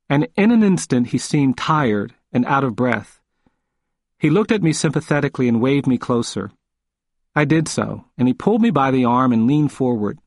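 A man reading a memoir audiobook in a measured, earnest way. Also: medium pitch, gravelly, dry recording, studio quality. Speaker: narrator.

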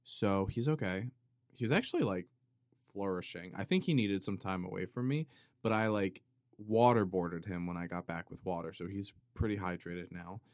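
A man chats through his podcast in a loose, rambling monologue that keeps drifting off on tangents and is peppered with swearing. His voice sits on the low side, and the sound is dry and close with no room echo. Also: normal speed. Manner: rambling, tangent-prone, profane, animated. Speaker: podcast host.

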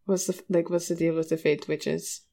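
Lower-voiced woman tabletop player. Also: level tone, normal speed, creaky, dark tone. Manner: hesitant, many fillers. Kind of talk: tabletop role-play chat.

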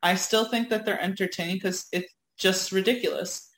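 A woman at a middle pitch talks casually and rambles from story to story, laughing often. Her voice carries an echo from the room. The talk is relaxed, loose banter. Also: moderate pace. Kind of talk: casual chat. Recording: echoey room.

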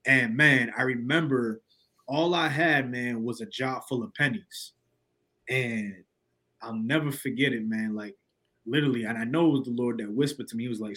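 A young adult man, a podcast guest, telling his story in a lively, slangy way and acting out the quotes. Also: mid-range voice, normal speed. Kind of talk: storytelling in casual conversation.

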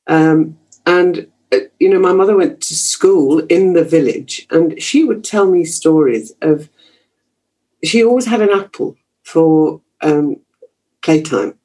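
A woman's voice: deep voice, slow pace, dark tone, poor audio. Older posh-spoken English woman reminiscing. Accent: received pronunciation. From Yorkshire, England. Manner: chatty, self-deprecating, many fillers. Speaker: guest, broadcaster. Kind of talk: reminiscing interview talk.

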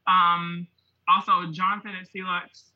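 A man's voice: high voice, little pitch movement, a little slow, lo-fi sound. A man talking as a podcast guest in casual chat, chatty with many fillers.

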